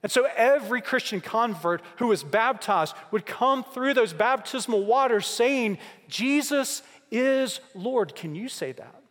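A man preaching a sermon, building through repeated rhetorical questions and slow, emphatic pauses. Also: extremely high pitch, animated, a bit bright. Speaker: pastor. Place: church sanctuary. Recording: long hall reverb.

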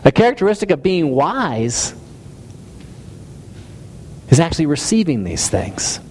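A man's voice: on the high side, sing-song, a little slow, darkish tone, a little hiss or hum. Man preaching in a reverberant hall. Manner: conversational, self-deprecating, many restarts and stammers. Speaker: pastor. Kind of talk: sermon. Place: church hall.

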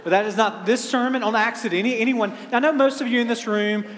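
A man's voice: very high voice, fast talker, a bit bright, long reverb tail, slight background noise. A middle-aged man preaching a sermon as pastor, telling funny family stories with stammered restarts. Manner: humorous storytelling with stammered restarts. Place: church sanctuary.

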